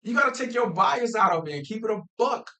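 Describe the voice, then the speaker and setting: A man's voice: high voice, quick pace, rough recording. Fired-up man ranting about football. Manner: animated, repetitive, talks straight to viewers; emphatic, restarts phrases often. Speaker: football fan vlogger. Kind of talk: casual sports rant.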